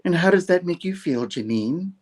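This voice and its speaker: A man voicing a calm, probing therapist. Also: sits high, normal speed, voice pushed up.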